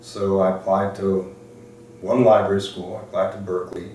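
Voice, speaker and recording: A man's voice: low-pitched, level tone, normal speed, mellow. Older man recalling his career, echoey room. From Detroit, USA. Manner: reflective storytelling, frequent restarts and "um"s. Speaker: interviewee, law librarian. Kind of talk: oral history interview. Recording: echoey room, distant mic, faint noise.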